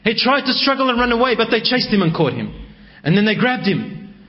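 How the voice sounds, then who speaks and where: A man's voice: very high voice, very animated, a little fast. A man telling a religious story in a dramatic, emotive way, dropping in Arabic phrases, on a dull lo-fi recording.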